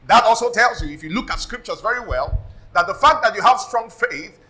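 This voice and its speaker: Nigerian pastor preaching in church, highish bright voice, keeps asking the crowd to answer. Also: male voice, expressive, fairly quick, rough recording. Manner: calls for congregation responses; emphatic preaching with rising intensity. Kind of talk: sermon. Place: church service.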